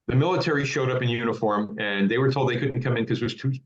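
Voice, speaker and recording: A man's voice: mid-range voice, quick pace, roomy sound. Stammering male podcast guest, lo-fi. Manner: stammers and repeats words. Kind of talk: casual storytelling. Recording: dull lo-fi recording.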